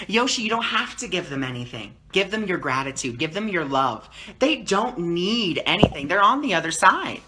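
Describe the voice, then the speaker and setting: A man talking calmly and teacherly on a live stream as a spiritual teacher, answering viewer comments and often checking in with "okay?". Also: high voice, moderate pace, slight background noise. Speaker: spiritual teacher and card reader.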